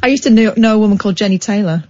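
A woman's voice: medium pitch, very fast, mellow, no echo, muffled recording. A woman with an English accent co-hosting late-night radio, wry and teasing as she reads out odd stories. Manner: wry, teasing, laughs easily. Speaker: radio co-host.

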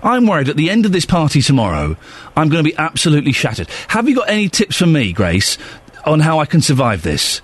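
A man hosting morning radio, talking fast in a slightly husky voice with a lively, bouncing pitch. He jokes about himself and keeps the banter moving. Faint music plays under him. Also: no echo. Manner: playful, self-mocking, quick banter. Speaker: radio host. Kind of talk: casual radio chat.

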